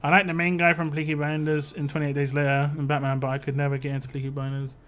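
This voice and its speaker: Chatty British man, slightly high voice. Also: level tone, fast, fairly bright tone. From United Kingdom. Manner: rambling, self-interrupting, chatty with viewers. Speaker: live-stream gaming host. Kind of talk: casual chat while playing a game.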